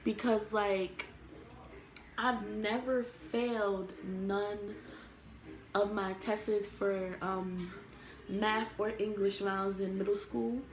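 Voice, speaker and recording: A woman's voice: medium pitch, little pitch movement, takes it slowly, slight background noise. A young adult woman telling a story from her school days to camera, rambling and full of fillers. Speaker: vlogger. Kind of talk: casual storytime. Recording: echoey room.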